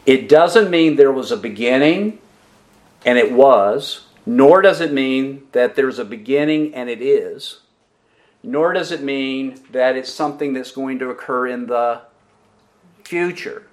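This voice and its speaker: Slow, deliberate male preacher. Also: mid-range voice. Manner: slow and deliberate, asking the congregation questions and answering them; stresses key words with emphatic pauses. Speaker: pastor. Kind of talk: expository sermon.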